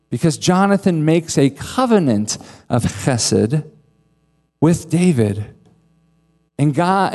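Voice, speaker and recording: Male pastor, sermon delivery, slightly high voice, unhurried and emphatic, long hall reverb. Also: a little mellow. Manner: emphatic, earnest preaching with dramatic pauses.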